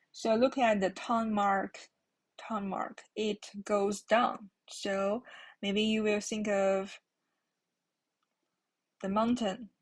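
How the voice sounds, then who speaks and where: Slow, patient woman teaching Mandarin. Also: medium pitch. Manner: patient, repeats each word twice. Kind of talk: slow explanatory language lesson.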